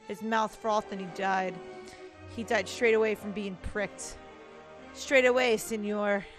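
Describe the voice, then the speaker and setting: A woman's voice: fairly high pitch, a bit bright, lightly acted. A woman voicing a courteous young male prince with flowery speech, reading game dialogue aloud in a stilted put-on accent. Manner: stilted attempt at a foreign accent.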